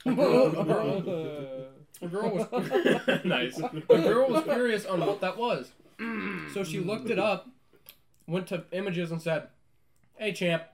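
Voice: medium pitch, very animated, slow pace. Young podcast co-host, teasing and profane, voice leaps around, crowd chatter behind. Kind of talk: casual chat storytelling.

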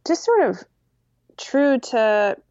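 A woman who designs sewing patterns, chatting casually as a guest in an interview, talking in quick bursts with lots of fillers. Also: on the high side, sing-song, a little mellow, no echo, lo-fi sound.

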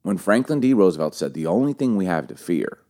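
A man in his forties co-hosting a casual talk, an animated storyteller who repeats phrases for emphasis. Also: deep voice, brisk. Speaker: podcast co-host. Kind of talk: casual chat with teaching.

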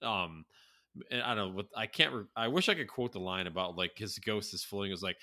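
A man's voice: lowish voice, a little fast, sharp tone. A man co-hosting a casual chat, telling stories with plenty of swearing and laughter. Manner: profane, laughing storyteller. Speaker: podcast co-host.

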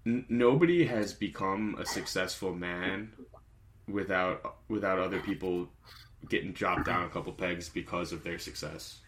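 A man's voice: sits low, normal speed, a bit bright, a little hiss or hum. A man co-hosting a podcast, chatting casually and animatedly, often laughing and breaking into impressions. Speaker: podcast co-host. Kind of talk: casual chat.

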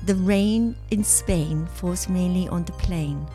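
A woman's voice: on the low side, slow pace, mellow, soft background music. A woman putting on a prim little British girl. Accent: put-on British.

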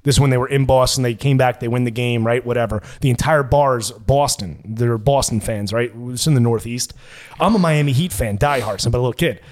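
A man as a podcast guest, telling stories in an energetic, profane, casual way. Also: mid-range voice, brisk. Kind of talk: casual chat.

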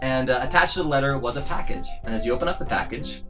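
A man narrating as game master of a tabletop game, relaxed with many fillers. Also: medium pitch, fast, far from the mic, over music.

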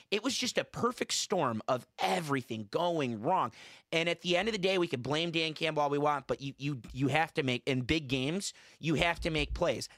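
A man's voice: a little high, a bit bright, no room sound. A man co-hosting a casual sports podcast, arguing his case and breaking down plays point by point. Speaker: podcast co-host.

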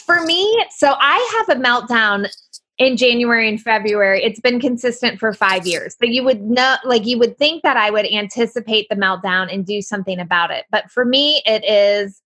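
A woman guest on a podcast, telling candid stories in an animated way, laughing and swearing freely. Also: a little high, normal speed. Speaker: guest life coach. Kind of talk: casual podcast conversation.

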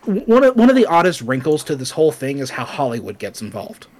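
A man with a somewhat high voice co-hosts a relaxed podcast. He talks in a chatty, loose way, full of fillers and little asides, and now and then reads from his notes. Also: quick pace. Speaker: podcast co-host. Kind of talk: casual chat, reading notes.

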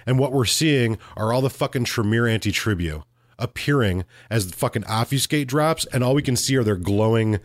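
A man co-hosting a podcast, telling a game story in casual chat, animated and swearing freely. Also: medium pitch, a little fast, no echo, studio quality. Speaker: podcast co-host.

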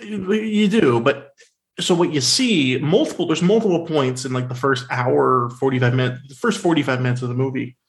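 A man co-hosting a podcast in casual film talk, sarcastic and animated, with many fillers. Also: medium pitch, normal speed. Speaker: podcast co-host.

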